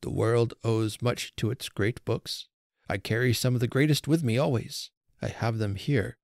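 A man's voice: medium pitch, moderate pace, gravelly, a little mellow, no room sound, clean studio sound, close to an everyday voice. A man reading aloud as a frightened, humble old Father Christmas, speaking timidly and apologetically. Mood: timid pleading. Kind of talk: storybook reading.

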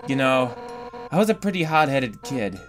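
A let's-play gamer voicing a hot-headed fish-monster woman who captains the royal guard, gruff and blunt, slipping into awkward confiding. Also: mid-range voice, sing-song, moderate pace, over music, pitched below the performer's own voice, natural voice. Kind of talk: reading game dialogue aloud.

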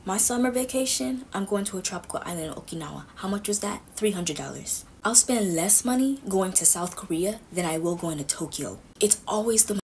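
A woman's voice: medium pitch, animated, a little fast, hardly any pauses, a little mellow, slight background noise. A woman ranting defiantly, mocking her critics with profanity. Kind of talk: casual rant to phone camera.

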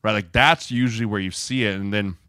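A man co-hosting a podcast in casual chat, animated and acting out heated quotes from teammates. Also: on the low side, a little fast, clean tone, dry recording, studio quality. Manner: animated, acts out heated locker-room quotes. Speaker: podcast co-host, former offensive lineman.

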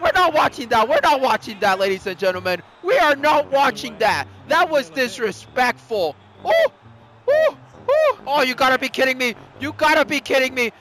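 A gamer giving excitable let's play commentary, yelping at near misses and dropping Spanish exclamations into English. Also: sits high. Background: faint background music.

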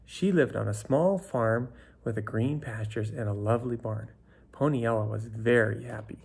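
A man reading a children's picture book aloud, unhurried, often dropping to a whisper. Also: mid-range voice, gravelly, a little mellow, a little hiss or hum. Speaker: storybook reader. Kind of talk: children's story read aloud.

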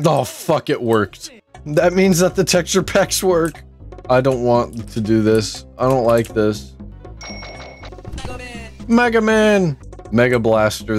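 A man's voice: on the low side, a little mellow. A man commentating his own gameplay, exclaiming and mocking himself as he complains. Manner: exclaiming, self-mocking, complains while playing. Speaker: gaming YouTuber. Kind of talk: let's play commentary.

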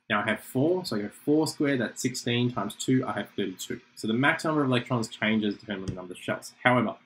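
A man's voice: mid-range voice, fairly bright tone, a little hiss or hum, poor audio. A young man giving a casual, chatty chemistry revision lecture, explaining with asides.

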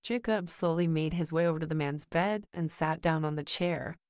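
Low-voiced woman narrating a horror story. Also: a little mellow, no room sound, studio quality. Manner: slow, measured storytelling.

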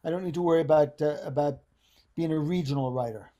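A man, an aspiring writer, asking a question over a video call in a hesitant, halting way. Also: a little high, mellow.

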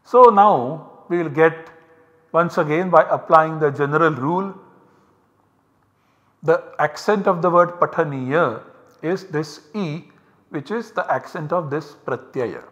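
Speaking in Indian English, a man lectures at a university, measured and explanatory, directing attention to examples on a slide. His pitch is fairly high and his tone a bit bright. The audio is dull and drenched in long reverb.

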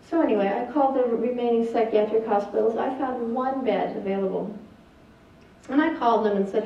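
A woman's voice: a little high, brisk, gravelly. Older woman doctor, distant echo. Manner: earnest and plainspoken, with hesitations. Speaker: speaker telling a family story. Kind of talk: presentation. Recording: distant echoey lo-fi hall recording.

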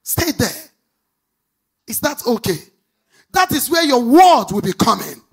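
A woman's voice: a little high, sing-song, gravelly, husky. A woman pastor with a Nigerian accent, preaching a sermon in a sing-song way and quizzing the congregation for answers. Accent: Nigerian English. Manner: emphatic, drawn-out stressed words. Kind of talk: preaching sermon with call-and-response.

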